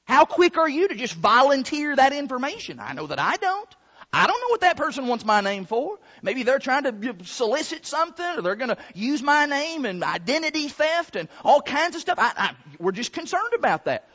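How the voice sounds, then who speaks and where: A man's voice: very high voice, big pitch swings, normal speed, bright, forceful tone. A man preaching a sermon, stretching out key words for emphasis. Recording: long hall reverb, dull lo-fi sound.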